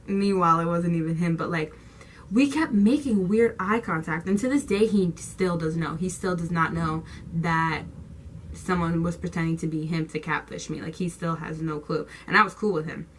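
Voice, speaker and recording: A woman's voice: on the low side, normal speed, slight background noise, poor audio. A young woman vlogger telling a storytime tale in slangy, casual talk, swearing freely and acting out what people said. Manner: animated, slangy, swears freely, acts out quotes.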